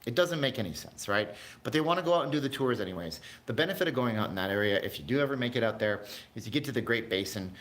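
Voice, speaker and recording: A livestream host, a man with a fairly low, slightly bright voice, rambles casually on his stream, hopping from tangent to tangent while talking with viewers in his live chat.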